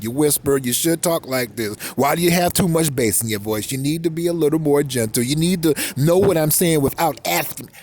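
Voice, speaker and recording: A man ranting in a crude, comedic vlog monologue, repeating words rapid-fire and mimicking voices and sound effects. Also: a little high, darkish tone. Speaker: vlogger.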